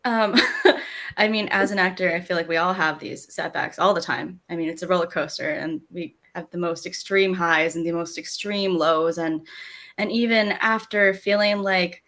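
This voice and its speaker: A woman actor speaking as a guest on a panel. She talks in an animated way and acts out the things people said to her. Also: mid-range voice, normal speed. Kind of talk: panel discussion.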